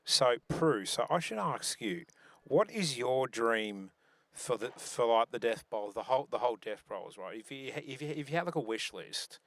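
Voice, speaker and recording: A man's voice: medium pitch, very animated, moderate pace, fairly bright tone, dry recording. A man commentating a bowls live stream, chatty and joking, with many restarts.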